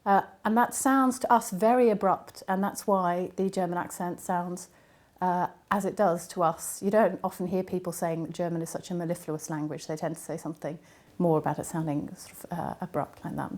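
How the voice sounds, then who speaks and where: A woman academic with a somewhat low-pitched voice answers an interviewer's questions. She explains in a measured, teacherly way and fills her pauses with ums as she thinks. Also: fairly even intonation, darkish tone. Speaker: linguist and university academic.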